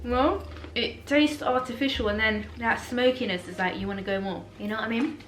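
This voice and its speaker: A young woman chatting casually in a reading vlog, outspoken and animated as she reacts. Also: a little high, a little fast, a little hiss or hum. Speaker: book vlogger. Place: home room. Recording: roomy echo, faint background music.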